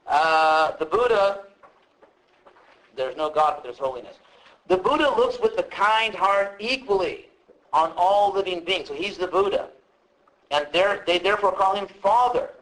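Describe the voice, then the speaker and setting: A man's voice: on the high side, low-quality recording. A man giving a conversational classroom lecture on religion and acting out quotes as he goes. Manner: conversational, animated, acts out quotes.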